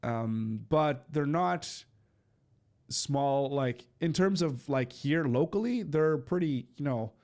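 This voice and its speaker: A man's voice: fairly high pitch, lively intonation, slow pace, a little mellow. A man with a stuffy nose hosting a casual livestream, chatting loosely with lots of fillers and restarts. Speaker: livestream host. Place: home studio in eastern Canada.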